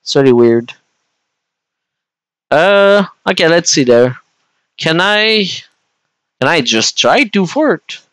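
A man with a French Canadian accent chats his way through a gaming session in an unhurried, drawn-out delivery. His voice is smooth and clean, and it sits close and dry against the mic. He rambles to his viewers between moves. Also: fairly high pitch, very animated, fairly bright tone, no room sound. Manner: rambling and chatty, talks to viewers while playing. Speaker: gaming streamer. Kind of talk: casual gameplay commentary.

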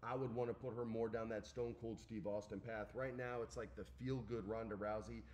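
A man in his forties co-hosts a podcast, telling an animated story in casual chat. His pitch swings widely as he acts out the lines and swears freely. A faint hiss sits under his voice. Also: normal speed. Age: 40s. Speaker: podcast co-host.

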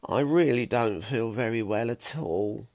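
A man voicing Sam, a sick Stone Age boy who speaks weakly and slowly with groans. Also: medium pitch, a little mellow, dry recording, clean studio sound, natural voice. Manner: weak, drawn-out and groaning. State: feeble from illness.

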